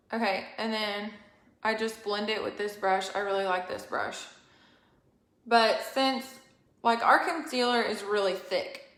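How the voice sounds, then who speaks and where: A woman's voice: on the high side, fairly bright tone. A young woman hosting a casual live-stream makeup tutorial, chatty and rambling, a bit out of breath. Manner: chatty, rambling, apologetic asides. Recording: echoey room.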